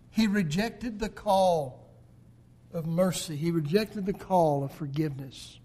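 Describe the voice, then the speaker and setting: Male preacher, slow and deliberate, slightly high-pitched, dramatic loud-soft sermon delivery. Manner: swings between loud emphasis and hushed lows.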